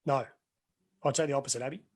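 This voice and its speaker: A man's voice: mid-range voice, steady tone, quick pace, darkish tone. A middle-aged man, a life coach answering webinar questions in an earnest, rambling way, restarting sentences and telling anecdotes.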